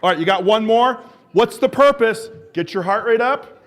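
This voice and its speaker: A man with a notably high voice leads a live exercise workshop. He coaxes and cheers the group and calls out timed cues and countdowns. His talk is eager and encouraging throughout. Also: moderate pace, a bit bright. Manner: enthusiastic, encouraging, coaxes the audience. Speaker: exercise coach presenting at a symposium. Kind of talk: live workshop presentation leading an exercise drill.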